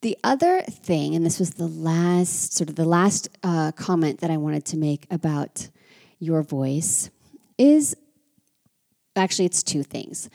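American woman, low voice, gravelly fry, mellow, chatty teaching talk full of asides. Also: animated, measured pace. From United States. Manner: chatty and reflective, with frequent asides. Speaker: French language and culture teacher. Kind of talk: casual teaching monologue.

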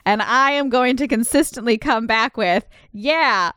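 Animated woman co-hosting a podcast, clear voice. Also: fairly high pitch, dry recording, clean studio sound. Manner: animated, bursts into fast asides and laughs. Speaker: podcast co-host. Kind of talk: casual chat about films.

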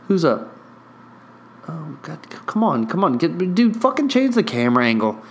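A young man hosting a casual solo podcast, excitable and profane, rambling through mock play-by-play into a studio mic with a pop filter. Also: mid-range voice, takes it slowly, long pauses. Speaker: podcast host.

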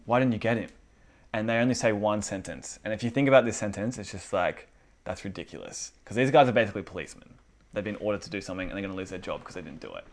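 Leading a church teaching night, a man talks casually about faith in a low-ish voice at a racing pace. He's an animated storyteller who acts out the people and quotes in his stories.

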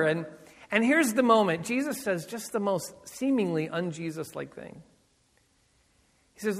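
A middle-aged man, a senior pastor, preaching with personal stories, animated and acting out voices, laughing often. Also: sits high, moderate pace, in a large hall. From Southern California.

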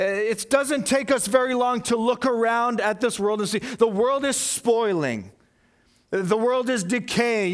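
High-voiced earnest preacher man. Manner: earnest, building emphasis with repeated questions. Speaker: pastor. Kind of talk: sermon.

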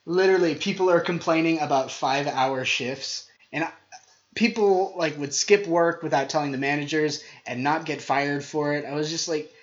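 Young man, podcast co-host, casual comedic chat, animated, rambling storyteller. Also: on the high side, moderate pace, lo-fi sound.

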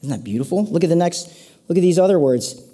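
A man's voice: a little high, animated, fast talker, warm tone. A man preaching a casual, conversational sermon to a congregation, with playful asides. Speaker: pastor.

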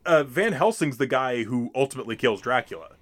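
A man's voice: medium pitch, lively intonation, fairly quick, no echo. A man co-hosting a podcast, chatting casually about old films with many fillers and restarts. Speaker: podcast co-host. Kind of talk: casual film discussion.

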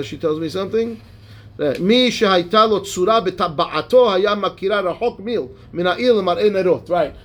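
Casual male Talmud teacher with a high voice who reads the Aramaic text and then explains it in plain English. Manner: casual, checks in with "right?" and "okay". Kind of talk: Talmud class, reading and translating.

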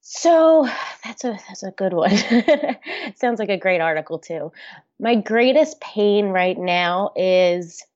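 A woman's voice: medium pitch, lively intonation, slow pace, a little mellow, no echo, lo-fi sound. A woman guest in a candid interview, speaking openly and earnestly, with frequent restarts and fillers. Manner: open, earnest, talks with many restarts and fillers. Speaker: podcast guest.

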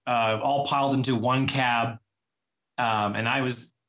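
Male musician, halting anecdotal delivery full of fillers, muffled lo-fi audio. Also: medium pitch, fairly even intonation, fairly bright tone. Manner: halting, many fillers and restarts. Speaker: musician sharing a memory. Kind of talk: casual spoken anecdote.

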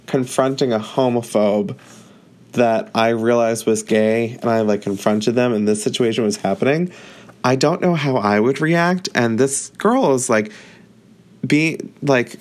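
A man casually recapping a TV episode, talking loosely with lots of filler words. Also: medium pitch. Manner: chatty, heavy use of "like". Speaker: show recap host.

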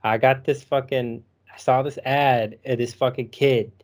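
A man's voice: mid-range voice, fairly even intonation, measured pace. A man hosting a casual podcast chat, swearing freely and rambling, with easy laughter. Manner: profane, rambling, laughs easily. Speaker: podcast host.

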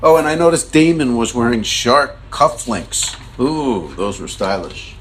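A man's voice: mid-range voice, animated, unhurried, a little hiss or hum. A man hosting a podcast, telling a meandering comic story in a chatty way and acting out other people's lines. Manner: chatty, meandering, acts out quoted voices. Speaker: podcast host. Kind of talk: rambling comic monologue.

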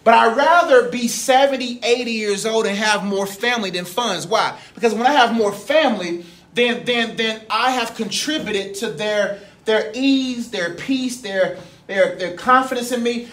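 A man in his thirties giving a casual, animated sermon talk, laughing often as he speaks. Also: very high-pitched. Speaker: preacher.

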